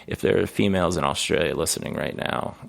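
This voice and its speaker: A man co-hosting a podcast in casual chat, rambling and profane, with animated storytelling. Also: low voice, fast, vocal fry. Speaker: podcast co-host.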